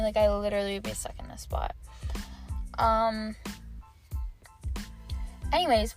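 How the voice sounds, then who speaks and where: Young female podcast host, fairly high voice with gravelly fry, chatty and scattered, cursing casually, recorded in her car with faint music behind. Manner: rambly, distracted, swears freely. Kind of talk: casual rambling chat. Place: parked car by a beach.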